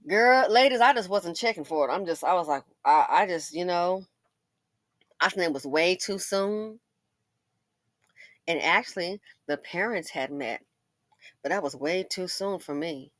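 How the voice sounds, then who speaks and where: On a dry recording, a middle-aged woman with a lowish, expressive voice speaks a little slowly, leaving long pauses. As a commentary channel host, she tells stories in a casual monologue, laughing, addressing the ladies directly, and breaking into loud exclamations.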